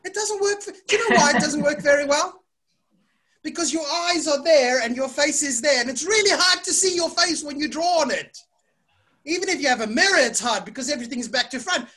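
A woman's voice: high-pitched, a little fast. A woman telling a story to children at church, stopping often to ask them questions. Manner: animated, asks the children questions.

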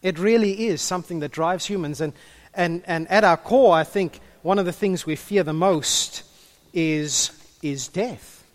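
Animated preacher, high voice. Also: male voice, unhurried. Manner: storytelling, animated, chatty with the congregation. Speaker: pastor. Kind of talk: sermon.

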